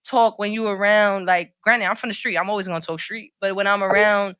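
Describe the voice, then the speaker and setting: Woman podcast guest, bright voice, streetwise, rambling candid chat, dry close sound. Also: medium pitch, steady tone, fairly quick, smooth, no echo. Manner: street slang, loose and candid; rambling, restarts often. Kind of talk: casual panel chat.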